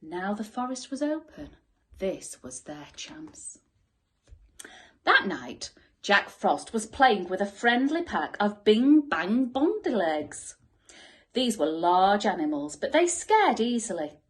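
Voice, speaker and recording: Slow, expressive woman reading a bedtime story. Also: mid-range voice. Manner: expressive, dropping to soft whispers. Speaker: school teacher.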